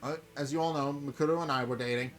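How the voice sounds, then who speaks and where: A man's voice: mid-range voice, steady tone, fast talker, natural voice. A man voicing a heartbroken, remorseful young male student from a game, over faint music. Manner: anguished, remorseful.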